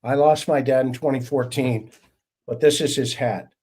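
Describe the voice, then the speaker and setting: A man's voice: medium pitch, steady tone, normal speed, noisy background. A middle-aged man hosting a livestream panel chat, telling stories with enthusiasm and emphasis over a video call. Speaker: host.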